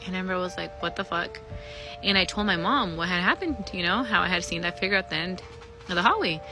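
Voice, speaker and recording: A woman in a casual storytime vlog, candidly and profanely retelling an eerie experience in an animated way. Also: on the low side, fast talker, over music, poor audio.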